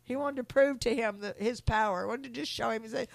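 A middle-aged woman, telling stories in a sermon, rambling and restarting, climbing high when she preaches about God. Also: animated, quick pace, gravelly, few pauses, no echo. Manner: rambling, repeats words and restarts, laughs between stories. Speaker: speaker giving a testimony talk. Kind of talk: sermon-style storytelling.

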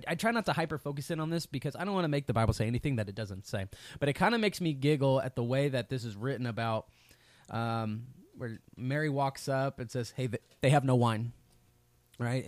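A man's voice: a little high, dry recording. A man in his thirties giving a sermon as a pastor, talking in a loose, conversational way with frequent fillers and restarts.

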